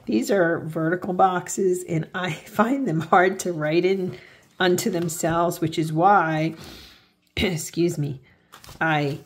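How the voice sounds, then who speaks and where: Woman with a lowish voice, casual crafty faith vlog, earnest, keeps restarting her sentences. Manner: chatty, often restarts and corrects herself mid-sentence; heartfelt and earnest when speaking about faith. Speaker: faith and planner craft vlogger. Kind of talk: casual crafting tutorial chat.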